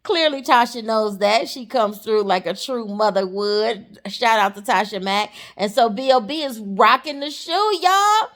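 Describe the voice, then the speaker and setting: A woman's voice: fairly high pitch, measured pace, hardly any pauses. A woman giving a casual, chatty recap of a TV episode, talking straight to her viewers and calling them honey. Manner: chatty and animated, calls the viewer honey and y'all. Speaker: TV show recapper.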